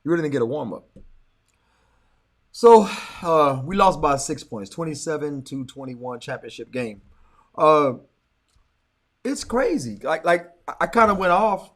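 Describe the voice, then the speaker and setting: Middle-aged male co-host, casual chat, animated storyteller who repeats himself, lively pitch, slightly high voice. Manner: animated storyteller, repeats words, quick laughs. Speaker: podcast co-host.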